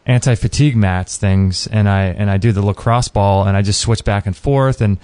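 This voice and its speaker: A man's voice: fairly low pitch, steady tone, normal speed, mellow, dry recording. A man hosting a casual interview, easygoing and agreeable. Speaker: radio show host.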